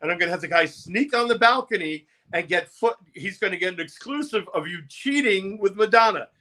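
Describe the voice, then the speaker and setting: Man doing a flamboyant male record promoter: bossy, breezy, raised campy pitch. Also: expressive, brisk, sharp tone. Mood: scheming.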